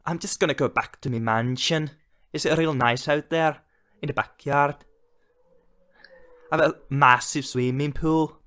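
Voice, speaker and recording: A boastful rich man brags about his mansion and money, as a man puts him on. The voice is raised and showy, pitched well above his plain talk. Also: a little slow, sharp tone, smooth. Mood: bragging. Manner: bragging, showy.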